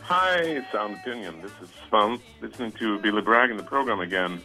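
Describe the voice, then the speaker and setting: A man from Sweden, leaving a friendly, unhurried voicemail for a radio show. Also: fairly low pitch, animated, over music. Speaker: caller.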